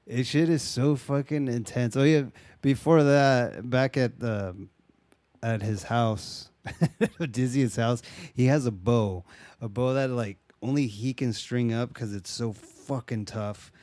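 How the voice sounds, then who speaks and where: Excited young man, dry close sound. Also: medium pitch, takes it slowly, no echo. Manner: excited, profane, acts out scenes in silly voices. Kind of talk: casual chat.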